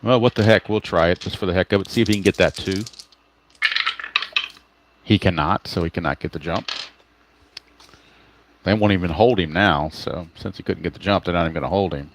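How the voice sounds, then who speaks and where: A man's voice: low voice, fairly quick, long pauses, slight background noise. A man hosting a tabletop baseball game, calling the plays as he rolls dice and reads player cards, stopping now and then to greet viewers and correct his own slips. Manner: greets live chat viewers mid-game.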